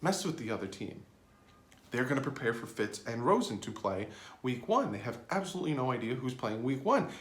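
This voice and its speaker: A man's voice: sing-song, brisk. Male sports vlogger, mid-range voice, wry joking delivery, reverberant room. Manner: joking, sarcastic asides with sudden pitch jumps. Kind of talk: casual fan commentary. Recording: roomy echo.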